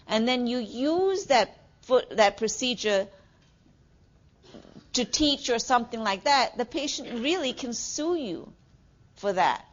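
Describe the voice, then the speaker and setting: A middle-aged woman lectures a class in a conversational way, her voice a little high. She checks in with the room often with a quick "okay?" The recording sounds dull and lo-fi. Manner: conversational, asks the class questions, many "okay"s. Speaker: nursing instructor.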